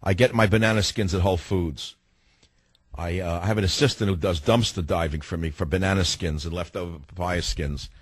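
A man's voice: low-pitched, steady tone, brisk, slightly rough, dry recording. A man hosting a talk radio show, sarcastic and wisecracking, from New York. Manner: sardonic, wisecracking.

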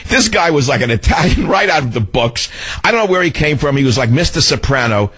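A man's voice: fairly high pitch, expressive, a little fast, a bit bright, slightly rough. A man hosting a talk radio show from a studio, telling a story in a combative, indignant way with mocking asides.

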